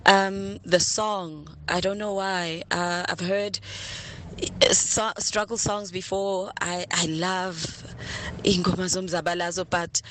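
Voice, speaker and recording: Woman, 30s, voice note, slow, faint background hiss, emotional. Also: fairly low pitch, flat delivery, a bit bright. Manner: emotional, breathless, laughing asides. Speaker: listener sending a voice note.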